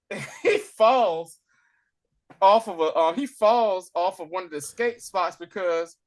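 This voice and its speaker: A man co-hosting a casual recap chat, retelling scenes with lively slang and acting out the characters' lines. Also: sits high, takes it slowly. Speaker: podcast co-host recapping a TV episode.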